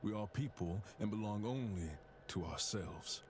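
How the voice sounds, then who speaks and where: A man playing a formal French gentleman. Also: lowish voice, close to an everyday voice. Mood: dignified. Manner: formal, measured. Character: composed, principled French gentleman. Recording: game audio with background noise.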